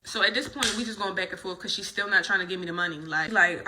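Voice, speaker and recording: A woman in her twenties telling a personal story in an indignant, animated way. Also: medium pitch, fast, no room sound, rough recording. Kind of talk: storytime vlog. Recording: loud traffic noise outdoors.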